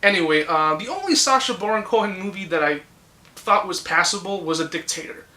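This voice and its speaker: A man's voice: high-pitched, expressive, a little fast, pushed and bright. A man in his twenties giving his blunt, ranting opinions on movies in a casual vlog, swearing freely. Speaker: movie reviewer. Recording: echoey room.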